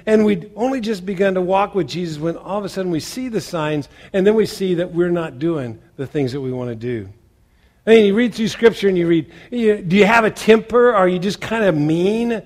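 Male pastor, conversational sermon delivery, fairly high voice, loud emphasis then quiet asides. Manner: conversational preaching with rhetorical questions.

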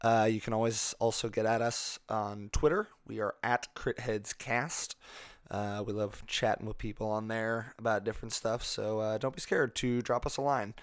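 A man speaks as host and game master of a tabletop podcast in a smooth, clear voice. He talks loosely, with plenty of ums and uhs. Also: lowish voice, moderate pace, dry recording, clean studio sound. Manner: relaxed, filler-heavy. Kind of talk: casual podcast chat.

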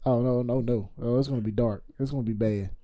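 A man's voice: medium pitch, steady tone, fast, dark tone. A man co-hosting a podcast, chatting casually and laughing often. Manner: laughing, loose and playful. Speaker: podcast co-host. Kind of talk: casual chat.

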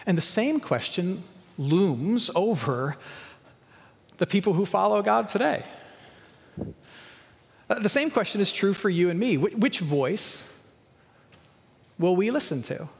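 A man's voice: high voice, sing-song, unhurried, gravelly, pauses often, in a large hall. A male pastor preaching a sermon, emphatic, with repeated lists and rhetorical questions.

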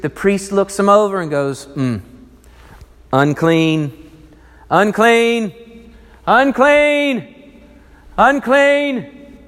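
A man preaching a sermon, animated and acting out the voices of people in his story. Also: high voice. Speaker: pastor. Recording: long reverb of a large hall.

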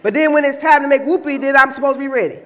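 A woman's voice: sits high, very fast, very noisy, natural voice. A woman preacher voicing a fed-up woman who scolds a freeloading man, speaking in an indignant, exasperated way.

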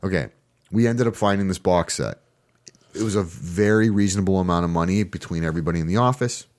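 Deep-voiced man hosting a chat. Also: quick pace. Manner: animated, chatty storyteller who swears casually. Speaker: podcast host. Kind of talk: casual chat.

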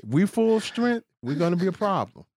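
A man's voice: high-pitched, very animated, moderate pace, a little mellow, no echo. A man on a casual group chat, insistent and talking over others to be heard. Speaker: panelist.

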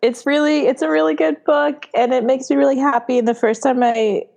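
A woman's voice: high-pitched, fairly even intonation, brisk, gravelly, darkish tone. A young woman gushing about a book she loves in a casual podcast chat, full of fillers and enthusiasm.

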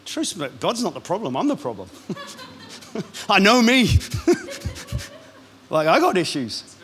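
A man, a pastor, preaching a sermon in a lively, punchy way with quick asides. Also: high-pitched, slight background noise.

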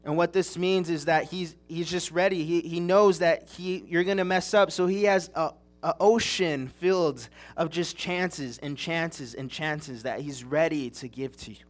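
A young man delivers a sermon in an earnest, chatty storytelling manner, and his voice sits a little higher than most men's. He is from Southern California. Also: unhurried, few pauses. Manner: earnest, conversational storytelling with restarts. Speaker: preacher.

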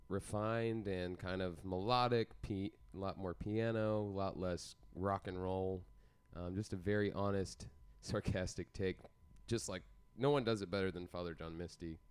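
A man with a low, smooth and clear voice talks through new music releases in a loose, rambling way. He jokes often and keeps filling the pauses with "uh" and "um". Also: fairly even intonation. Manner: rambling, jokey, many fillers. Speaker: podcast co-host. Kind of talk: casual music chat.

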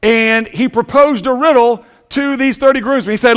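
A male pastor preaching a sermon, telling a story with dramatic swings from loud bursts to hushed lines and dry sarcastic asides. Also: extremely high pitch, moderate pace, few pauses, smooth.

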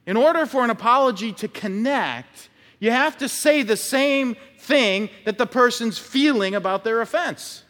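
Lively-voiced pastor preaching in a reverberant church. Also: male voice, very high voice, moderate pace. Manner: conversational preaching with illustrations and acted-out quotes. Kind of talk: sermon. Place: church sanctuary.

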